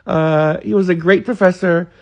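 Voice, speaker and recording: A man's voice: high voice, steady tone, normal speed, dull audio. A man, earnestly recalling college days in a rambling monologue full of fillers. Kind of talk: casual reminiscing monologue.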